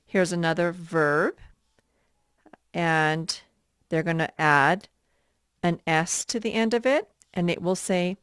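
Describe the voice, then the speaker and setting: Woman, teacher, slow, patient, reading lesson for small children, low voice, smooth, dry sound. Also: a bit bright, no room sound.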